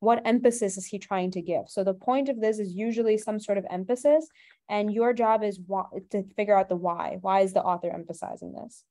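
A woman tutor gives a brisk webinar lesson in a mellow, darker voice. She explains step by step and keeps asking rhetorical questions to guide her students. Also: mid-range voice. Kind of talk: online webinar teaching.

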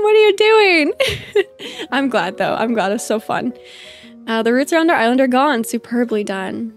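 A woman streaming a game in casual commentary, bubbly and gushing, laughing often. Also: fairly high pitch. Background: faint game music.

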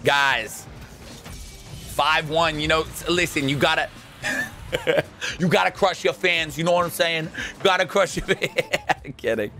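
A young man in casual, jokey gameplay commentary, excitable and quick to shout and laugh. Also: on the high side, soft background music. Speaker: gaming YouTuber.

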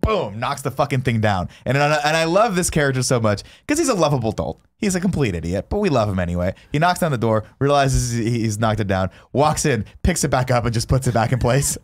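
A man's voice: medium pitch, fast talker, hardly any pauses, no room sound, clean studio sound. A man co-hosting a podcast, recapping a film in a casual comedic rant with mock outrage and lots of swearing, acting out the characters' lines. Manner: animated, rants with mock outrage, acts out lines.

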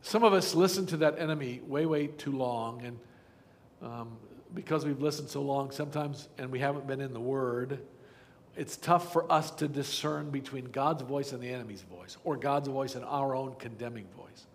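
A man's voice: mid-range voice, moderate pace, long reverb tail. A man preaching a sermon as pastor, earnest and pleading, often asking the congregation questions. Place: church sanctuary.

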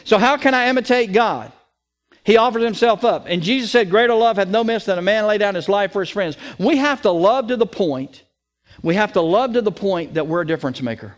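A man's voice: high-pitched, animated, a little fast. A man preaching a sermon as pastor, emphatic and repeating key words for stress, often restarting with stacked "and, and".

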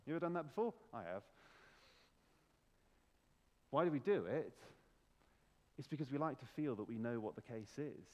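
Man, pastor, church sermon, emphatic, lively pitch, long hall echo. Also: normal speed, long pauses, highs cut off. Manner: animated, emphatic, rhetorical questions.

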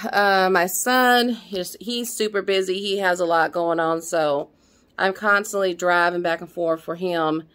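Her fairly low voice is clear and resonant, a bit bright, with fairly even intonation and a measured pace. This middle-aged vlogger chats to camera indoors at home, slightly out of breath and rambling with frequent fillers and restarts.

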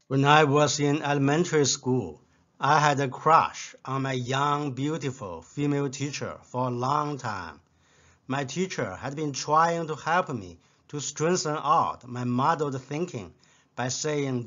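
A man whose first language is Chinese, reading short jokes aloud in a deadpan way. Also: medium pitch, unhurried, muffled recording. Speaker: joke teller. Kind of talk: scripted joke telling.

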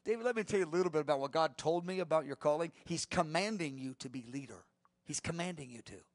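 A man's voice: fairly high pitch, animated, quick pace. A man preaching a sermon, voicing an old male prophet who speaks tenderly and earnestly.

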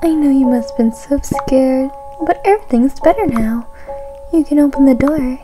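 Woman doing a high fake-sweet monster mom. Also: normal speed, over music, natural voice. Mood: coaxing. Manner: coaxing, pleading sing-song. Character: creature faking a sweet mother's voice.

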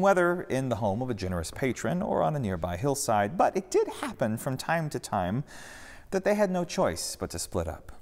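A man narrating a story in an expressive, storytelling way during a church service. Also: mid-range voice, long reverb tail. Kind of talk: scripted narration.

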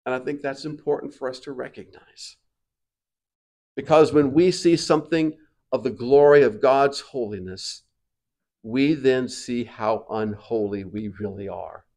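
A male pastor preaching a sermon, swinging between quiet reflective passages and loud, emphatic declarations. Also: medium pitch, measured pace. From United States.

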